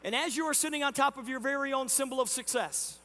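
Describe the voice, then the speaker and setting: A man's voice: extremely high pitch, fast talker. A man in a large convention hall telling a motivational story as a company executive, acting out both sides of an exchange with a neighbor. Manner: energetic, acts out neighbor dialogue in the story. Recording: hall reverb.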